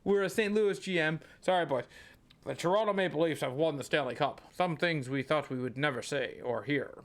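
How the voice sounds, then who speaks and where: A young man giving casual, chatty commentary on his sports game, thinking aloud and bursting into excitement. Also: on the high side, a little fast. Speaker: gaming channel host. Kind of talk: gameplay commentary.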